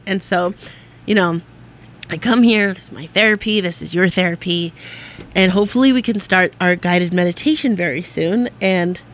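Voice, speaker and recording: A woman's voice: medium pitch, a bit bright. A woman hosting a radio show in a studio, talking in an effusive, rambling, upbeat way. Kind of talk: casual on-air monologue.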